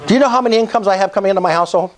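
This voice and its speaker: A man's voice: sits high, very fast, a little hiss or hum. A man in his sixties giving a fervent, preacher-like motivational speech at an investor meetup, calling out to the audience for responses. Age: 60s. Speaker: speaker at a real estate investor meetup.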